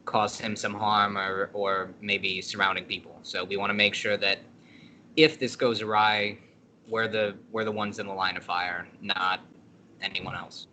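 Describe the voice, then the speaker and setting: Guy laying out a plan at a tabletop game, low but bright voice, faint room noise. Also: flat delivery, a little slow. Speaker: player. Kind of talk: casual tabletop game chat.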